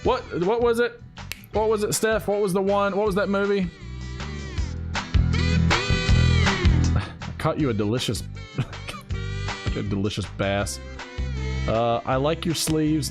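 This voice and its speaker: A man hosting a live stream, chatting casually and rambling, laughing often and talking to his viewers. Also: sits high. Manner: rambling, giggly, talks to chat. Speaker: host.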